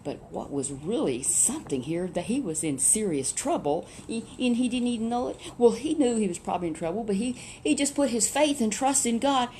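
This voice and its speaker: A woman casually retelling a Bible story, chatty and animated, with many rhetorical questions. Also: fairly high pitch, brisk, hardly any pauses, slight background noise.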